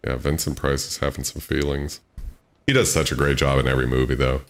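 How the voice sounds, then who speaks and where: A man's voice: a bass voice, level tone, a little fast, slight background noise. A man from Florida chatting and joking as co-host during a movie watch. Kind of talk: casual chat while watching a movie.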